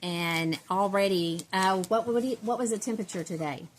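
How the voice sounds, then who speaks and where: A doll-collecting vlogger from Central Texas chats briskly and casually with her viewers, rambling and laughing often as she calls herself a country girl. Her voice is medium-pitched, with slight background noise.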